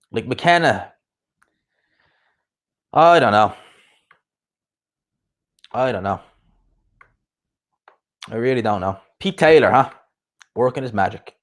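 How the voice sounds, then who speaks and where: A young man, chatting casually and rambling on a live stream as its host. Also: mid-range voice. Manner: rambling, chatty, quick asides and laughs. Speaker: YouTube boxing streamer.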